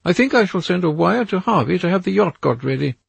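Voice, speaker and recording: A man doing a nervous, brooding young gentleman. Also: sits high, animated, quick pace, gravelly, slightly rough, no echo, voice pushed up, heavily acted. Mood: anxious. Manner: raised, pleading and anxious.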